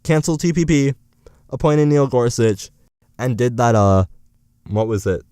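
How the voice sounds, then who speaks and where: A man's voice: medium pitch, animated, unhurried, dark tone, smooth, dry recording, studio quality. A young man in college rambling through a profane, sarcastic political rant as a vlogger. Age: young adult.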